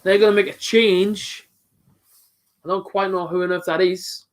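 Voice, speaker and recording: Young male fan streamer with a high voice, calling a match live in an excitable, chatty way and talking to his viewers. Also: moderate pace. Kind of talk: live football reaction commentary.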